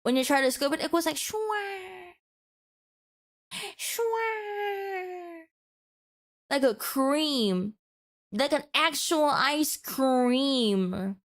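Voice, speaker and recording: A woman's voice: high voice, slow. A woman streamer giving a mock-passionate, teasing rant to her chat in a playful, dramatic way.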